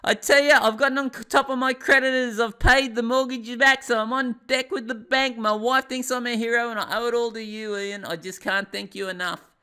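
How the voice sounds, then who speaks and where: A man voicing an overjoyed, grateful male business owner, shouting his thanks in a high, strained voice over the phone. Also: fairly even intonation, a little fast, hardly any pauses, smooth, full character voice. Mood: ecstatic.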